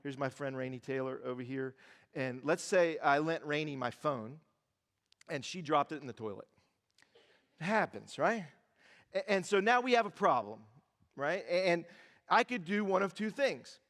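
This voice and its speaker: Animated preacher, gravelly voice. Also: male voice, on the high side, normal speed, long pauses. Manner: animated, joking asides, repeats phrases for emphasis. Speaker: pastor. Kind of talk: sermon. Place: large church auditorium. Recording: reverberant church hall.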